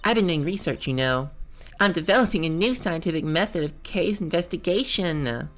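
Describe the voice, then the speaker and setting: Voicing an eager sixteen-year-old aspiring scientific investigator with a Valley Girl accent, a man pitches fairly high above his own voice. He sounds animated and keeps a moderate pace. The audio is muffled, and game music plays underneath.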